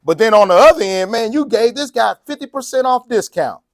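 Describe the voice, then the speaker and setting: A man's voice: very high-pitched, animated, a little fast, no echo, clean studio sound. A man preaching a casual, joking sermon, laughing often and acting out the people in his story. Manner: folksy and joking, laughs often, acts out quotes. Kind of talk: conversational sermon.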